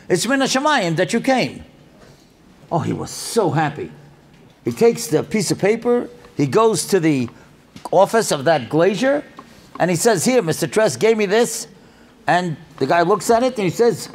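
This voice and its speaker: A man's voice: high voice, moderate pace. An older man giving a storytelling talk at a religious event, acting out the people in his stories as he goes. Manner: animated storyteller who acts out dialogue.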